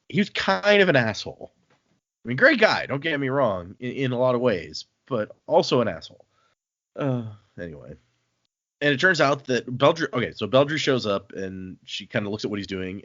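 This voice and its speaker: A man co-hosting a book-club podcast, recapping chapters with animated, exasperated asides. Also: mid-range voice, no echo, lo-fi sound. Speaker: podcast co-host. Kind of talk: casual book-club chat.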